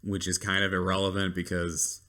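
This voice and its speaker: Guy with a deep low voice ranting casually about a show, rambly, lots of ums. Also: monotone, moderate pace, pushed and bright. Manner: rambling, lots of ums and likes, dry complaints. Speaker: reviewer. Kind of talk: casual review rant.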